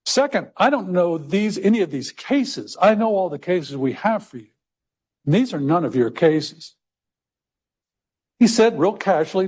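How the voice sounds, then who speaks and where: A middle-aged man from Texas telling a personal story to an audience, slowing down for emphasis. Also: high voice, very animated, darkish tone, breathy edge. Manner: conversational storyteller, slows for emphasis. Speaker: speaker. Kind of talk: storytelling talk.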